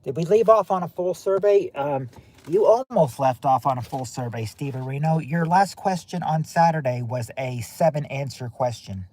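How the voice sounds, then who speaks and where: With a voice on the high side, a little mellow, and a moderate pace, a Southern-accented man from the southern US hosts a casual stream. He rambles to his chat and says the same things over.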